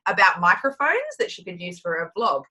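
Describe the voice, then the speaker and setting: A woman's voice: fairly low pitch, huge pitch swings, fairly quick, pushed and bright, slightly rough, rough recording. An Australian woman author as an interview guest, playful and jokey, with lots of giggles. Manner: playful, jokey, giggly, full of goofy bits. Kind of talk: casual interview chat. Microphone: microphone with windsock on a video call.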